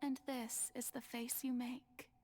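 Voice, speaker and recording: An ancient goddess who has schemed for centuries, heard in game cutscene dialogue. She speaks slowly and softly, her pitch sitting a little high. Each line comes out measured and confiding, almost hushed. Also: level tone, faint music behind. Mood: teasing. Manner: slow, measured, soft and confiding. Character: ancient scheming female goddess, calm and wistful.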